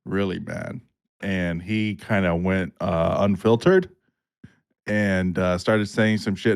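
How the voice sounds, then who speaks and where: A man's voice: lowish voice, unhurried, clean tone. A young man hosting a podcast, joking around and swearing freely in casual chat. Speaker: podcast host.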